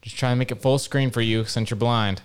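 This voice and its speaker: A man's voice: medium pitch, steady tone, brisk, noisy background. A man co-hosting a podcast in casual, teasing chat. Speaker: podcast co-host.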